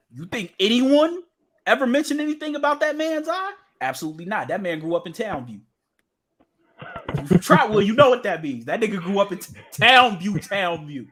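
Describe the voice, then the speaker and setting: A young man co-hosting a podcast, telling stories in a loud, profane, laughing casual chat. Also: high-pitched, slightly rough. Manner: animated storytelling, profane, laughing. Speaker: podcast co-host.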